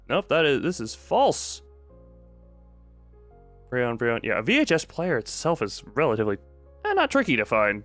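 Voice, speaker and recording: A man chatting casually on a stream, rambling and self-deprecating, into a desk microphone at home. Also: mid-range voice. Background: soft background music.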